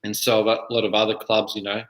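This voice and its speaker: Aussie guy mid 30s, relaxed and rambling, roomy echo on the mic. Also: fairly low pitch, fairly quick. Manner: relaxed, lots of "you know" fillers. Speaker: guest. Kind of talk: casual interview.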